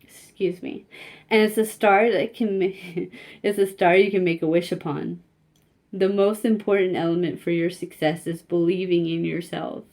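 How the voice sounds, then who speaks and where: Gentle, mellow-voiced woman reading cards. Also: fairly low pitch, fairly even intonation. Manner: gentle, halting, with many fillers. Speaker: spiritual card reader. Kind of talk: casual spiritual card reading.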